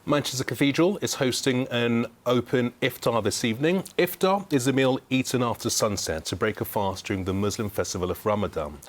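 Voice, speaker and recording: Brief: male news anchor, lowish voice, steady formal reads. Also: a little hiss or hum. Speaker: news presenter. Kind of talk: regional TV news presenting.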